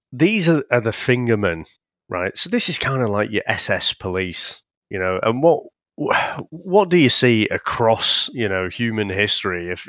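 Laid-back low-voiced man. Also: a bit bright, no echo, studio quality. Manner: laid-back, halting, casually sweary. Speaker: podcast co-host. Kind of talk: casual film review chat.

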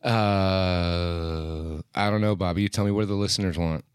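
A man's voice: deep voice, steady tone, normal speed, clean tone, no echo, clean studio sound. A man co-hosting a podcast, teasing his partner with crude joking remarks. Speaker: podcast co-host. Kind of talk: casual chat.

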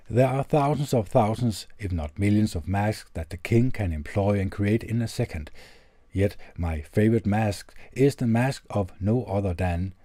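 A man with a Danish accent calmly reading a self-help book aloud on his channel, in a measured way. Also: fairly low pitch, no echo. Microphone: tube studio microphone.

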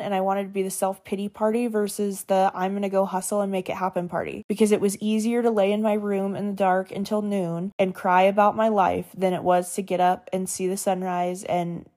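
A woman in her twenties, speaking in a medium-pitched and slightly mellow voice, hosts a candid solo podcast. Her tone is sincere and heartfelt, and she's frank enough to swear casually at times.

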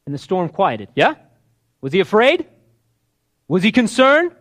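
A man's voice: high-pitched, very animated, unhurried, long pauses, a bit bright. A man preaching a sermon, telling a story with energy and acting out the characters' voices. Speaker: pastor.

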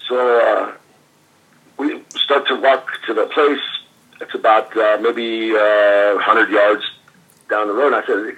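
A man's voice: mid-range voice, a little slow, bright, forceful tone, husky, highs cut off. An older man, a former pro wrestler, animatedly telling anecdotes in a casual interview with laughs and fillers.

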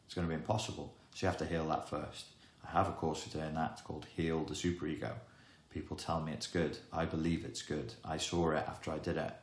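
A man gives an emphatic self-help talk, wry in tone and fond of dramatic pauses. His voice sits very low. The sound is roomy and echoing. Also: steady tone. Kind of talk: explanatory monologue to camera. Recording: echoey room.

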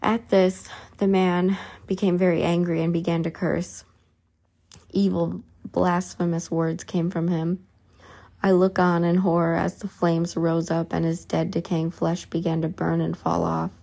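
Woman reading a religious book aloud, halting and careful, gravelly voice, flat delivery. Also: on the low side. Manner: slow, halting reading with stumbles and restarts. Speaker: reader.

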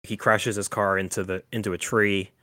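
A man with a somewhat low voice chats through a horror film plot as a podcast host, rambling with plenty of fillers and restarts. The recording is dry and close, with no room sound. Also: flat delivery, normal speed, sharp tone, no echo. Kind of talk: casual movie chat.

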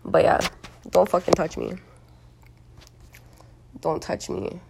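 A young woman rambling through a casual monologue. She is blunt and profane, leans on lots of likes and you-knows, and her voice is hoarse from smoking. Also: fairly low pitch, steady tone, takes it slowly, noisy background. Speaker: solo monologue recorder.

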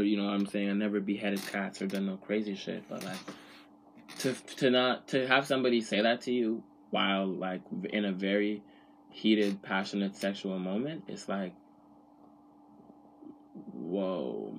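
A man's voice: on the low side, slight background noise. A man chatting casually on a podcast, rambling and profane, full of slang and restarts. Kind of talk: casual chat.

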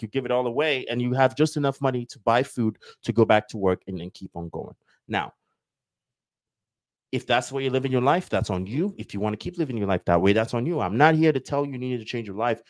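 A man's voice: medium pitch, quick pace, dry recording. Dry-voiced motivational podcast man. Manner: preachy, joking, acts out little dialogues. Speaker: podcast host.

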